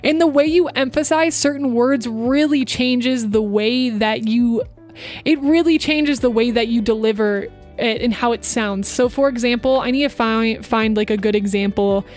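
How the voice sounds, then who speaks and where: A woman's voice: on the high side, moderate pace, a little mellow, soft background music. A woman streamer chatting casually into her microphone, giving upbeat voice acting tips to her chat. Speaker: VTuber streamer.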